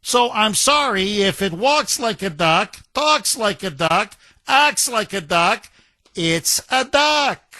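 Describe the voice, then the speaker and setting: A man's voice: high-pitched, expressive, slow, bright, forceful tone, dry recording. A middle-aged man hosting a talk radio show, ranting in a combative, sarcastic way. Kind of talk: opinionated talk radio monologue.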